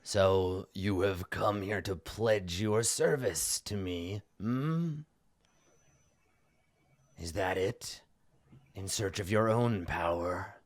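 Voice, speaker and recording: A man voicing a slow-spoken undead male king, calm and menacing, drawing his words out until they fall to a whisper. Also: sits low. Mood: probing. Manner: slow, drawn-out speech sinking into a whisper.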